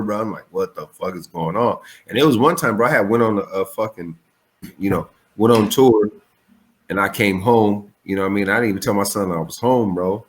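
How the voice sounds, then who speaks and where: A man in his forties, a comedian, tells stories over a remote call in a casual, swearing way. His pitch jumps sharply when he acts out what he said, then drops back to a relaxed middle register. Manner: animated, profane, jumps high for quoted lines. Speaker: comedian guest. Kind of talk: casual storytelling interview.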